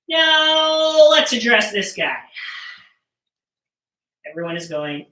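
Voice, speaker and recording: Jokey woman teaching kids, bright voice, echoey room, mic kinda far. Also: sits high, lively intonation, slow pace, pauses often. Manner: playful, jokey, talking to kids. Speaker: children's percussion storyteller. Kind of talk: live-streamed teaching for children. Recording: roomy sound, mic at a distance.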